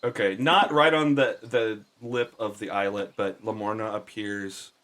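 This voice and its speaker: A man's voice: lowish voice, fairly even intonation, unhurried, a bit bright. A man narrating a tabletop game as game master, in a casual, meandering way.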